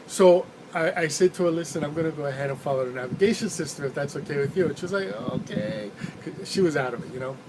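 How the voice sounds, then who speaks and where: A man's voice: a little high, rapid-fire, hardly any pauses, noisy background. A male rideshare driver casually telling a rambling story, chuckling now and then as he goes. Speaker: rideshare driver and channel host.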